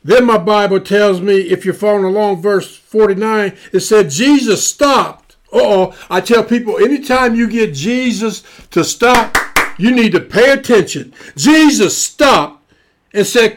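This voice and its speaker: A man's voice: high voice, a little slow. A male pastor preaching a sermon in a dramatic, colloquial style, stretching out key words for emphasis.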